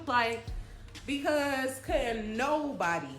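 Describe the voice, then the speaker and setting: A woman's voice: high voice, sing-song, very slow, a bit bright. A young woman telling a dramatic, slangy story from her childhood in a vlog. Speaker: vlogger. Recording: echoey room with faint music.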